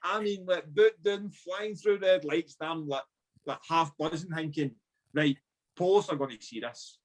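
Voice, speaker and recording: A man's voice: on the high side, measured pace. A Scottish man, a former footballer, casually telling a story and acting out the voices of the people in it. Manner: animated, swearing, acts out dialogue.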